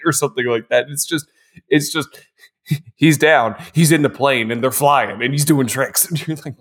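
A man's voice: on the high side, moderate pace. A man co-hosting a casual movie-review podcast, ranting in an exasperated way and breaking into laughter. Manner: animated, laughing, exasperated rants. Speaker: podcast co-host.

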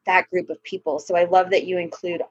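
A woman's voice: on the low side, level tone, fairly quick, husky. A woman co-hosting a casual podcast, earnest and emphatic as she lists her points. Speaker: podcast co-host. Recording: dull lo-fi sound.

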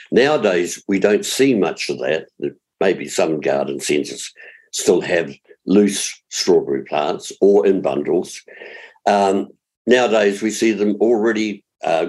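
A man's voice: sits low, darkish tone, husky. An older man with a New Zealand accent giving chatty gardening advice on a radio talk show, explaining steps patiently and spelling words out. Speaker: gardening expert.

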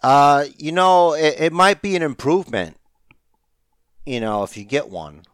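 Lively, teasing male podcast host. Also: fairly high pitch, unhurried, clean tone, no room sound. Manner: jokey, teasing, animated. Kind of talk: casual podcast banter.

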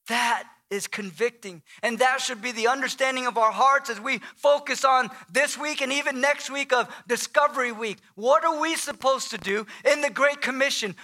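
A male pastor preaching a dramatic sermon, acting out voices, stammering and restarting, and dropping to quiet emphasis on key lines. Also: extremely high pitch.

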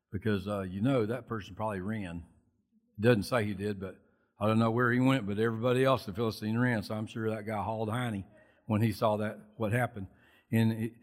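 Folksy, animated male preacher. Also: mid-range voice. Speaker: lay preacher. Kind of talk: sermon. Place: church service.

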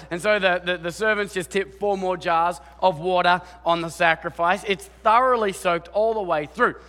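A man preaching in a bright, high voice that rings through a reverberant hall. He talks in a chatty, animated way, with restarts and playful acted-out lines. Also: normal speed, few pauses. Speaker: pastor. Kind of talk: sermon.

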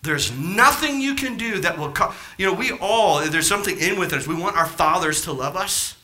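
Impassioned preacher man, lively and bright. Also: normal speed. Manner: impassioned, rising to near-shouts then dropping low; rhetorical questions to the congregation. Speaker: pastor. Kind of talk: sermon.

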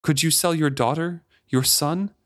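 A man's voice: on the high side, measured pace, a bit bright, no echo, clean studio sound, pitched above the performer's own voice. A man reading aloud as a blind, grieving male ship's figurehead who speaks in a reserved but demanding way.

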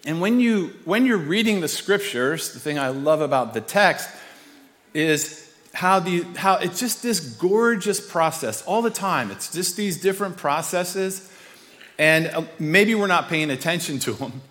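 A man's voice: fairly high pitch, lively intonation, unhurried, a bit bright. Man preaching in a reverberant church. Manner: casual, conversational preaching with restarts. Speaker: pastor. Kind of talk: sermon. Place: church sanctuary.

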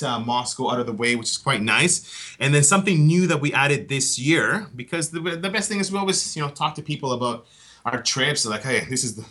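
A man's voice: medium pitch, sharp tone. A man talking about his tours in a casual podcast chat, enthusiastic and chatty, often checking in with "right?". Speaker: tour company guest.

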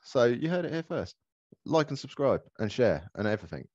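A man's voice: mid-range voice, sing-song, a little fast, darkish tone, no room sound, lo-fi sound. A man co-hosting a casual podcast chat, laid-back and wry in his remarks. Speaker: podcast co-host.

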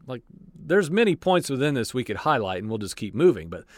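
A man's voice: medium pitch, brisk, no room sound. A man giving an informal Bible study, reading scripture aloud and commenting on it with asides and filler words. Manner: animated, frequent fillers and restarts. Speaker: Bible teacher. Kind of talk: conversational Bible study teaching.

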